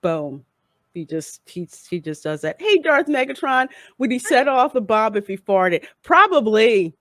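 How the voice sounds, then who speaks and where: A woman's voice: a little high, a little slow, no echo, studio quality. A woman co-hosting a casual chat, animatedly retelling scenes and acting out the lines. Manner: animated storyteller, acting out quotes. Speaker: co-host. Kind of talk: casual chat recapping a show.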